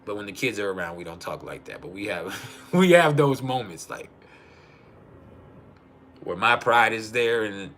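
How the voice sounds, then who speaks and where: A man's voice: lowish voice, sing-song, normal speed, pauses often, fairly bright tone. A man talking casually on a livestream, swearing freely and laughing often as he tells stories. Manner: profane, laughing storyteller. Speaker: livestream host.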